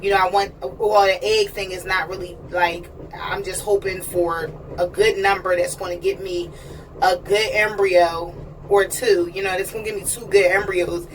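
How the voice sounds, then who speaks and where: Filming a casual personal vlog on a train, a woman chats earnestly and keeps checking in with "you know what I mean." Her mid-range voice holds a level tone at a moderate pace. The mic is distant and picks up train noise.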